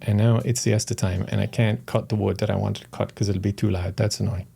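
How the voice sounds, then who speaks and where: A man's voice: fairly low pitch, little pitch movement, brisk, gravelly, mellow, slightly rough. A young man and YouTuber talking casually to camera at home, rambling and self-mocking, laughing often. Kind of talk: casual vlog talk to camera. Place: at home, indoors and outdoors. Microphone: phone camera.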